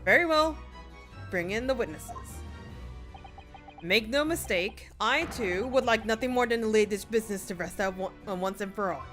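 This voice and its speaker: A woman's voice: medium pitch, a bit bright, faint music behind, close to an everyday voice. A woman voicing a stern elderly male judge in a video game, reading formal courtroom lines. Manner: formal, measured courtroom pronouncements.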